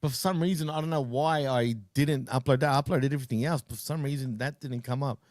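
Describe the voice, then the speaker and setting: A man's voice: medium pitch, fast, darkish tone, no room sound, clean studio sound. A man co-hosting a casual wrestling podcast, laughing often and telling loose stories full of "dude" and "man". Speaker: podcast co-host.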